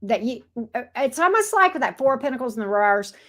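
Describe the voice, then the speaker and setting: Woman, tarot reader on a live stream, bright higher pitch, casual and chatty with lots of fillers and restarts. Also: very animated, fast talker. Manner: chatty, greets viewers by pet names, many fillers and restarts.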